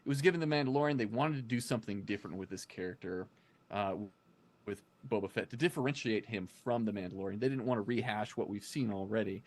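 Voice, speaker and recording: A man's voice: lowish voice, fast talker. A man hosting a casual fan discussion podcast, chatty and explaining things at length with frequent restarts.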